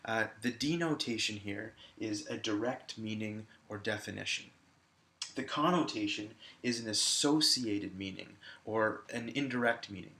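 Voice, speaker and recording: A male high school English teacher giving a recorded video lesson, talking to viewers in a conversational way with frequent fillers. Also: a little slow, pushed and bright.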